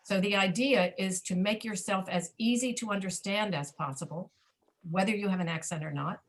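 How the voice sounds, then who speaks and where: A woman's voice: medium pitch, normal speed. A woman teaching a pronunciation class over a video call, explaining patiently and checking in with her students. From Florida, USA.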